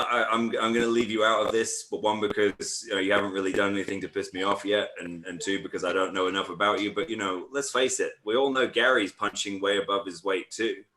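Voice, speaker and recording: Low, bright-toned man teasing as a guest. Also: poor audio. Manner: teasing, brash banter. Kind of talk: casual chat.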